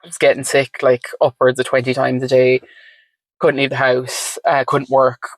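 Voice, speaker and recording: A woman's voice: extremely low pitch, completely flat delivery, moderate pace, dry recording. A woman talking candidly as an interview guest, frank and chatty with lots of fillers and the odd swear word. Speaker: podcast guest.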